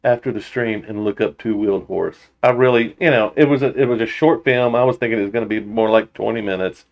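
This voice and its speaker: A man hosting a casual livestream for his motorcycle channel, reading viewer comments aloud and answering them with rambling, halting restarts and frequent laughter. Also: lowish voice, creaky, muffled recording.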